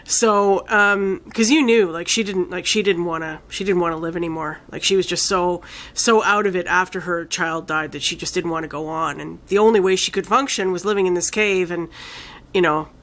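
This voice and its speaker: Woman rambling, excited film reviewer. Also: on the low side, moderate pace. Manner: rambling, enthusiastic retelling full of "like" and "you know"; swears casually. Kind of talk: casual spoken film review.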